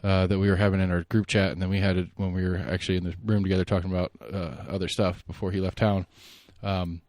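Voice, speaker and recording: A man hosting a solo podcast, giving rambling, opinionated political commentary and thinking out loud. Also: low-pitched, flat delivery, quick pace, no echo, studio quality. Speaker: podcast host.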